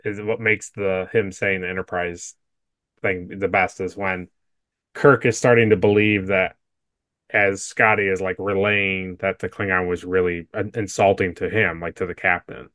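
A man's voice: deep voice, no room sound. Easygoing man agreeing in casual chat. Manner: relaxed, agreeable, chimes in with quick yeahs. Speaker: podcast co-host.

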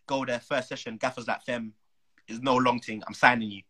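A young man, a footballer telling an animated, slang-filled story as a guest. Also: medium pitch, brisk, slightly rough, rough recording. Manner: animated, slang-heavy, acts out the people he quotes. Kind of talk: casual storytelling.

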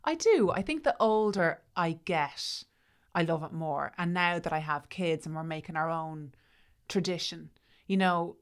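A woman in her thirties, chatting casually and telling stories about her family with animated quoted voices. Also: lowish voice, a little slow, smooth. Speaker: guest. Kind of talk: casual chat.

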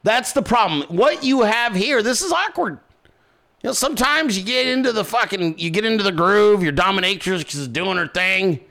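A man tears into debate footage with crude, mocking commentary, his fairly high voice leaping all over the place. The tone is bright and edgy, and he swings from low mutters to loud outbursts. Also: animated, normal speed, creaky. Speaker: political commentary streamer. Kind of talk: profane reaction commentary.

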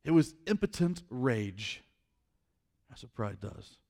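A man preaching a sermon through a story, acting out scenes loudly and dropping quiet for his main points. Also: medium pitch, slow. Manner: animated, acts out scenes, drops quiet for emphasis. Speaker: pastor.

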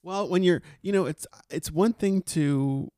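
A man's voice: high voice, a little slow, dark tone, no echo, studio quality. A man co-hosting a podcast in casual, joking chat. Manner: joking, playful. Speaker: podcast co-host.

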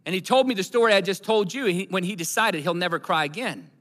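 A man preaching in a large church hall, his bright, forceful voice ringing with long reverb. He tells a story and builds to emphatic, repeated declarations, pitched a little high for a man. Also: lively intonation, fast talker. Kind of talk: sermon storytelling.

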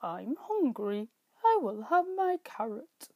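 A woman voicing a small, gentle male rabbit who is easily upset in a storybook, in a soft, plaintive voice. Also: a little high, big pitch swings, slow pace, no room sound, full character voice. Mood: plain.

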